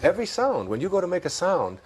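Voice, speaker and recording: A man's voice: sits high, wildly swooping pitch, fast, slightly rough. A man with a Detroit accent, a guest in an interview, talking reflectively about spiritual ideas and often laughing through his stories. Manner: thoughtful, laughs often while telling stories.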